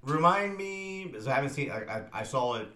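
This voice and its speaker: Man chatting in an echoey room. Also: mid-range voice. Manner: relaxed, conversational, halting. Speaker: podcast co-host. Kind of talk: casual chat.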